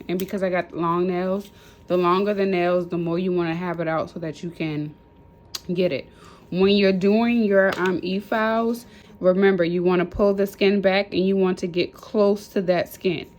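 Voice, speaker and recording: This nail technician shows a class how to use a drill, talking casually and repetitively step by step with Southern slang as the drill whirs. Her lowish, darkish voice stays fairly even at normal speed.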